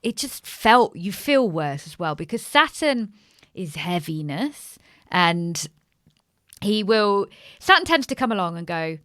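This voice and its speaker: A woman in her thirties, an astrologer guest telling a story in casual podcast chat, animated, swearing casually and acting out the voices of people she quotes. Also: medium pitch, unhurried, no room sound, clean studio sound.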